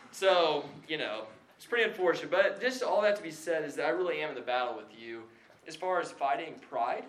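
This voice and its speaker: A man's voice: on the high side, fairly bright tone. A young man giving a casual sermon-style talk to a live audience, chatty and self-deprecating with lots of "like" fillers. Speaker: speaker at a Christian gathering. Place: hall before a live audience. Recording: echoey room, faint background noise.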